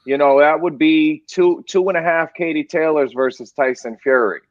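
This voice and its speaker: A man's voice: a little high, normal speed, no echo, muffled recording. A man co-hosting a sports podcast, telling rambling stories and getting fired up about who is toughest. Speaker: podcast co-host. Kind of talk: casual sports chat.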